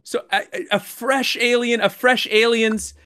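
A man's voice: very high voice, a little slow, clean tone, no echo, clean studio sound. A man in his thirties co-hosting a podcast, telling a story in casual chat and getting worked up as he goes. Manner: animated storytelling, gets worked up. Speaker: podcast co-host.

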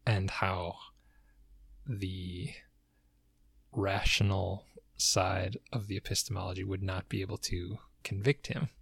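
Guy with a low gravelly husky voice, dry close mic, chatting about a book and feeling his way thru ideas. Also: level tone, slow pace, long pauses, fairly bright tone, no room sound. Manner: thoughtful, hedging, searching for words. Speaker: podcast co-host. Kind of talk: casual book discussion.

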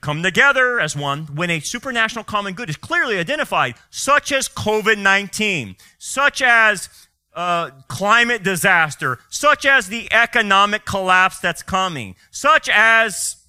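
A man's voice: on the high side, pushed and bright. A male pastor preaching a fiery sermon, full of rhetorical questions and sarcastic asides.

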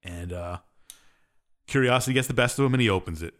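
A man's voice: medium pitch, fairly quick, a bit bright. A man co-hosting a podcast, casually retelling a game's story with lots of "uh" fillers. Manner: rambling plot retelling with many "uh" fillers. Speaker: podcast co-host.

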